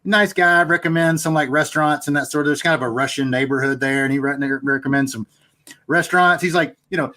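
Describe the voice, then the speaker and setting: This podcast co-host is a man with a somewhat high voice who talks a little quickly. He tells a personal anecdote in a chatty, animated way, in the style of casual podcast storytelling.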